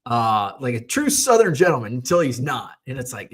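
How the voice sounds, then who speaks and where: A man's voice: mid-range voice, very animated, moderate pace, few pauses, fairly bright tone, slightly rough. A man telling a personal story in a rambling, casual way, with loose swearing and plenty of quoted back-and-forth. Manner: rambling, conversational, swears casually, retells scenes in quoted voices. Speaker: hobby vlogger.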